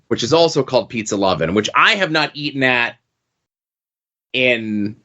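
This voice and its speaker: A man's voice: medium pitch, expressive, normal speed, bright, forceful tone, dull audio. A man co-hosting a podcast, chiming in with dry wisecracks during casual chat. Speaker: podcast co-host.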